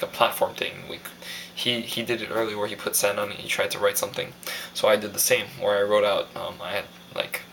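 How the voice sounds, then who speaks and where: Gravelly, hesitant young man vlogging. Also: lowish voice, pushed and bright, slight background noise, low-quality recording. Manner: rambling, hesitant, many fillers. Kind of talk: casual video diary.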